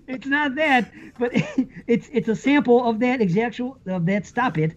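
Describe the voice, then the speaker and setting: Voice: mid-range voice, dull audio. A podcast co-host chatting enthusiastically about films and music, swearing casually. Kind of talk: casual film discussion.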